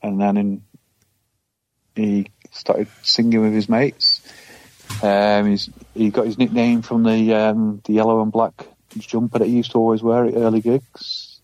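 A man's voice: fairly low pitch, level tone, unhurried, highs cut off. A man with a Northern English accent co-hosting a podcast in casual chat, dry and blunt. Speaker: podcast co-host.

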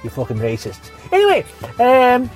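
A man's voice: very high-pitched, wildly swooping pitch, normal speed, faint music behind. A drunk man with an Irish accent rambling through a foul-mouthed sign-off as a podcast co-host. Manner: heavy swearing, slurred and rambling.

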